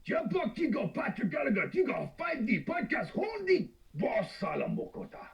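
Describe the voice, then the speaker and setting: A man voicing a male barbarian warlord who shouts in a made-up language, his pitch jumped far up. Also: huge pitch swings, moderate pace, gravelly, exaggerated voice. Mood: wild. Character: Attila the Hun style male warlord shouting gibberish.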